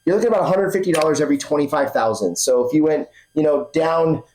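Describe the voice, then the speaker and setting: Loud, excitable man running loan numbers. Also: fairly high pitch, fast talker, slight background noise, poor audio. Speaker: loan officer co-host. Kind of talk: casual podcast chat.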